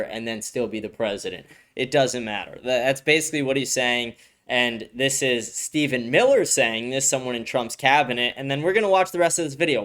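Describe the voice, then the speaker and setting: A man's voice: mid-range voice, a bit bright. A young adult man hosting a podcast and reacting to a video clip in a rambling, profane, casual way. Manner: rambling, frequent swearing, restarts. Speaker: podcast host.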